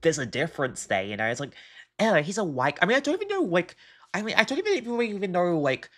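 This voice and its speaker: A reaction streamer, this woman has a lowish voice that swoops wildly in pitch, and she talks rapid-fire. Her commentary is earnest and emphatic, and she often repeats herself to drive her point home.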